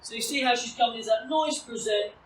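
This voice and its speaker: A woman teaching puppy recall outdoors, explaining calmly and switching to high, bright praise when she calls the dog. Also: fast. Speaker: dog trainer. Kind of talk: outdoor training demonstration. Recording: roomy, distant, faint ambient noise.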